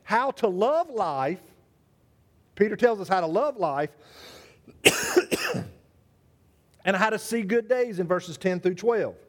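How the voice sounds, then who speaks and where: A male pastor preaching a sermon in a lively, conversational way, calling out members of the congregation by name. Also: high voice, slow pace, pauses often.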